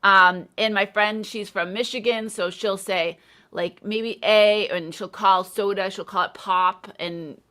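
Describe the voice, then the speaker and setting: An American woman from New England, hosting a live call and chatting quickly, with "like" and "right?" scattered through her talk. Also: medium pitch, steady tone, sharp tone. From New England, United States. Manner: chatty, quick, uses "like" a lot. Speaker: host. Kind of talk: casual chat on a live call.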